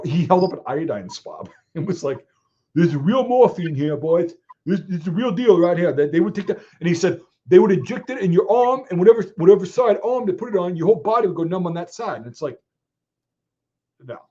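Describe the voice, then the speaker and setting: Profane, animated male stream host. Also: fairly high pitch, fairly quick, highs cut off. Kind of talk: casual chat.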